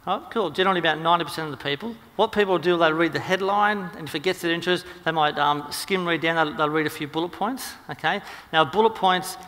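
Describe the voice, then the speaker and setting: A man giving a rapid, energetic marketing seminar talk, full of ums and restarts. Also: fairly high pitch, big-room sound. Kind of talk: seminar presentation. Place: seminar hall.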